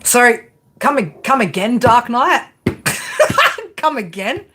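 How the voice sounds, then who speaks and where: A woman's voice: on the high side, a little slow, pushed and bright, slight background noise. A woman giving live tarot readings, chatting casually and profanely with viewers and laughing often. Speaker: tarot reader.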